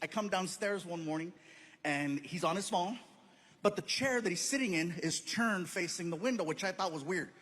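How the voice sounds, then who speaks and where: A man's voice: sits high, moderate pace. A man performing a stand-up comedy routine, telling stories and acting out the people in them. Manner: animated storytelling with acted-out quotes. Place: large hall on stage. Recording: live venue with long reverb and noise.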